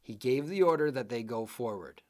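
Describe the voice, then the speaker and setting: A man's voice: medium pitch, animated, moderate pace. A man teaching a live online English exam class, explaining patiently and often checking in with "okay?" and "right?".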